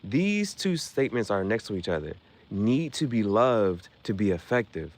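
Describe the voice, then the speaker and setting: A man with a fairly low voice and big pitch swings talks at normal speed on a livestream about designing his merch shirts. He chats casually, rambling in slang and jumping between topics.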